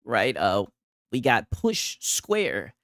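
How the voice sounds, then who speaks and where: Drawing out his words in a mid-range voice, this man is recorded dry with clean studio sound. His live stream is casual, profane gaming commentary, delivered animatedly with "right?" dropped in again and again between points.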